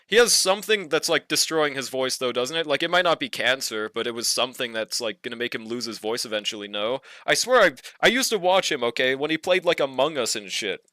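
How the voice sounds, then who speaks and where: A man's voice: medium pitch, expressive, a little fast, hardly any pauses, sharp tone, no room sound, studio quality. A young man streaming a game, chatting casually with viewers, slangy and laid-back, swearing and laughing often. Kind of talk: casual livestream chat while gaming.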